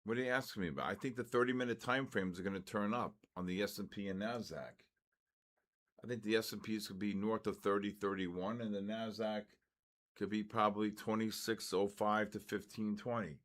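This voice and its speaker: An older man hosting a live trading session, giving blunt, excitable market commentary and answering chat questions with quick asides. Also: on the low side. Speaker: trading stream host.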